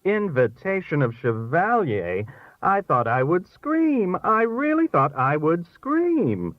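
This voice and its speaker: A man's voice: mid-range voice, sing-song, unhurried, dry recording, voice pushed up. A man reading aloud and voicing a scornful, theatrical middle-aged wife who complains dramatically. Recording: thin phone-like dry sound.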